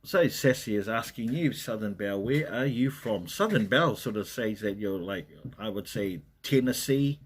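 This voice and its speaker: A man's voice: on the low side, normal speed, hardly any pauses, husky. A man hosting a casual livestream, chatting in a rambling way and greeting viewers by name. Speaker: livestream host. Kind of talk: casual live chat. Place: at home in Western Australia.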